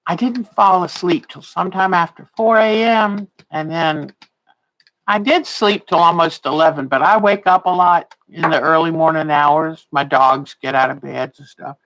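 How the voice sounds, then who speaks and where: A woman's voice: deep voice, moderate pace, a bit bright, poor audio. A woman in her sixties, a quilting teacher on a casual livestream, chatty and laughing often, a little tired and yawning. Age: 60s.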